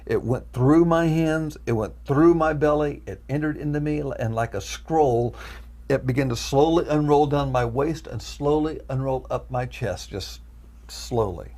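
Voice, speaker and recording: A man giving an emotional testimony as a guest, animated and repeating himself as he acts out his own prayers. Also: mid-range voice, a little slow. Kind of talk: emotional storytelling.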